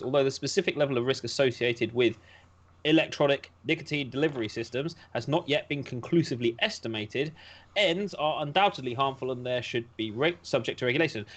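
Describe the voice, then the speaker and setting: A man from the United Kingdom co-hosting a casual podcast chat, reading news aloud with jokey, sarcastic asides. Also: a little high. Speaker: podcast co-host.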